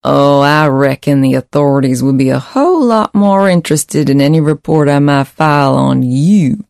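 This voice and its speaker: A man's voice: on the high side, expressive, normal speed, vocal fry, a little mellow, no room sound, clean studio sound. A man voicing a nasal, smug male pimp who talks through a robot, sly and mocking.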